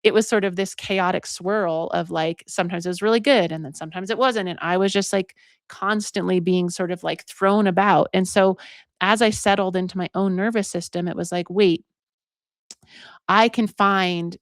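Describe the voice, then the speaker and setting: A woman's voice: lowish voice, fairly even intonation, normal speed, no room sound, clean studio sound. A woman in her forties talking through her own healing in a reflective, conversational monologue, leaning on "like" a lot as she thinks aloud. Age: 40s. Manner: conversational, heavy use of "like", earnest. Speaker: podcast host.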